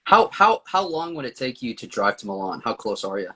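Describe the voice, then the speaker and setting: A man's voice: medium pitch, very animated, brisk, fairly bright tone, breathy edge. A man hosting a casual live-stream chat, upbeat and chatty, talking to viewers and a guest. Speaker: host.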